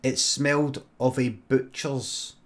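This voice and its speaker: A man with a Scottish accent improvising a comic story in a deadpan, halting way on a live stream. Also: medium pitch.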